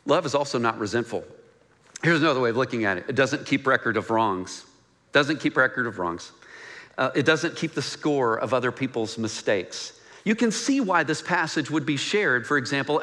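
Animated preacher man, bright and lively. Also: mid-range voice, in a large hall. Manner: animated and conversational, joking with the congregation. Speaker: pastor. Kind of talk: sermon. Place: church sanctuary.

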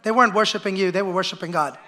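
Male pastor, very high and sharp-toned voice, energetic sermon with call-and-response to the congregation. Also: rapid-fire. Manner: acts out the voices of complainers. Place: church sanctuary.

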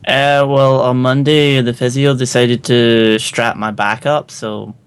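A man's voice: mid-range voice, flat delivery, takes it slowly, clean tone. A man with a British accent co-hosting a casual online chat, easygoing and wry. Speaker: podcast co-host.

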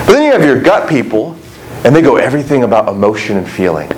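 A man's voice: medium pitch, sing-song, fast, a little mellow, slight background noise, poor audio. A middle-aged male pastor delivering a conversational sermon, full of rhetorical questions and acted-out quotes.

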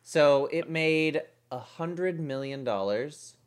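A man co-hosting a podcast in casual chat, thinking aloud with many pauses and fillers. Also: a little high, smooth. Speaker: podcast co-host.

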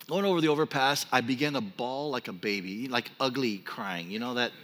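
A pastor in his fifties from Texas, preaching a sermon and telling a personal story with animated, self-deprecating humor. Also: medium pitch, brisk, few pauses, slight background noise. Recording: long reverb of a large hall.

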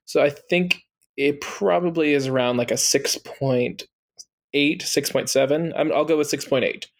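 A man's voice: on the high side, moderate pace. A man talks through his guesses in a casual movie chat. He is chatty and plays at being outraged. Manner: chatty, mock-indignant.

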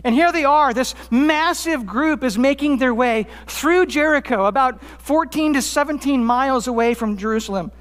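A pastor preaching a sermon, rising for quoted cries and dropping low on his key points. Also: moderate pace, few pauses, fairly bright tone. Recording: long hall reverb.

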